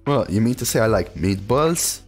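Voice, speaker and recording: A man's voice: on the low side, expressive, normal speed, soft background music. A man streaming a card game, chatting casually and reading viewer messages aloud between plays. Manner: casual, chatty, reads chat aloud and answers it.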